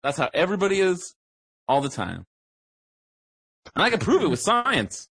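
Male co-host, high and very expressive, profane and animated, casual podcast banter. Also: moderate pace, husky.

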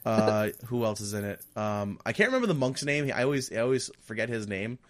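A man's voice: mid-range voice, brisk, no room sound. Argumentative man in a dry room. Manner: animated, argumentative, teasing; rambling with many restarts. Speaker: podcast co-host. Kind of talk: casual chat.

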